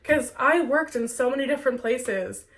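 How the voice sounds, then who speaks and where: Her voice sits high with a fairly bright tone, moving at normal speed on a distant mic. The speaker, a young adult spiritual content creator who has a cold, addresses viewers in a Q&A vlog in an earnest, heartfelt, chatty way, saying "like" a lot.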